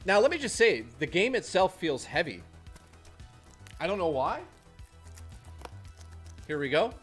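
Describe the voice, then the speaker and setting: A man's voice: high voice, big pitch swings, measured pace, fairly bright tone, husky, faint music behind. A man streaming casually, rambling and chatting and reading out messages from his chat.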